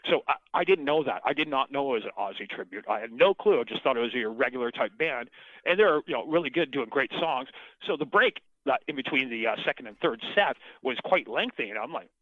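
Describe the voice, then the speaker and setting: A man's voice: medium pitch, lively intonation, fairly quick, no echo. A middle-aged man, a singer, telling his story in a casual interview, rambling and swearing freely with lots of restarts. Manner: rambling, profane, restarts often. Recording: tinny phone-line sound, dry.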